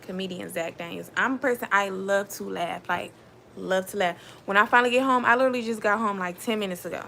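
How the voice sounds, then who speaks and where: A woman's voice: mid-range voice, quick pace, gravelly, pushed and bright, a little hiss or hum. A woman, hosting a casual live stream and chatting directly to her viewers. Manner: chatty, addresses viewers as y'all.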